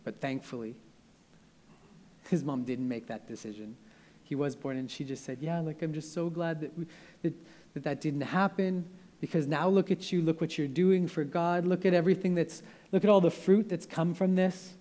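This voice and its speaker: A man's voice: fairly high pitch, fairly even intonation, moderate pace, mellow. A young man preaching a sermon in an earnest, conversational way, often restarting his sentences.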